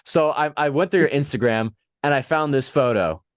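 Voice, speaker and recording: A man hosting a casual interview, laid-back and quick to laugh. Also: a little high, no echo, clean studio sound. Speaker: podcast host.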